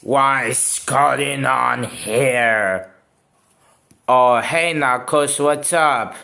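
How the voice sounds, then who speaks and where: A man voicing several toy characters in a homemade play video, talking in a slow, halting way. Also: medium pitch, vocal fry, pushed and bright. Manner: slow, halting, shifts between character voices.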